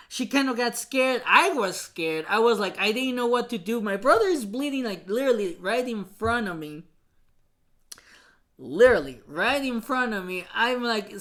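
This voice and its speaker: A woman hosting a podcast who tells a painful personal story, halting and repeating herself, with many fillers. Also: on the high side, a bit bright. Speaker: podcast host.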